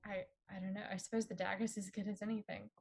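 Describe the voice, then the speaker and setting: A woman's voice: medium pitch, level tone, fast talker, vocal fry, a little mellow, slightly rough. A woman playing a live tabletop role-playing game, rambling and giggling as she talks. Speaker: player. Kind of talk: casual in-character chat.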